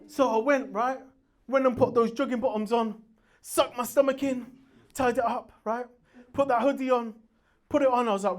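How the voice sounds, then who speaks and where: A man's voice: extremely high pitch, fairly even intonation, a little fast. A man performing a stand-up comedy set, telling stories brashly and animatedly, with his own sound effects and put-on voices. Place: comedy venue with live audience. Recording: crowd audible in the background. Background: audience laughter.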